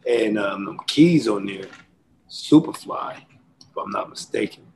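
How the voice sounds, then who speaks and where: A man, a rapper guest, telling stories in a relaxed interview, animated and full of slang. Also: lowish voice, gravelly, slight background noise, poor audio. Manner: animated, acts out quotes and beatboxes; drawn-out slang-heavy delivery. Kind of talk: casual storytelling interview.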